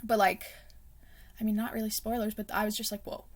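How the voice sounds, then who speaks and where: A woman's voice: medium pitch, level tone, brisk. A young woman chatting casually about her favorite books, rambling with lots of ums and likes, laughing often and sometimes dropping to a self-conscious whisper. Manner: soft self-conscious asides, drifting into whispers. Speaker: book vlogger. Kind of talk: casual chat.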